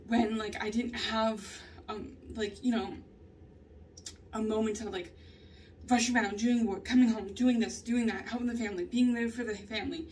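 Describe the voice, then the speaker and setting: A woman's voice: mid-range voice, darkish tone, recorded from a distance, slight background noise. A young woman talking candidly in a personal journal vlog, rambling and laughing often as she tells her story. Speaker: vlogger.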